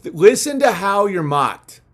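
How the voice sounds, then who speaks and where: A man's voice: sits high, big pitch swings, unhurried, a bit bright. A young man hosting a livestream, rambling in a profane, mocking rant. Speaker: livestream host. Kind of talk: ranting livestream monologue.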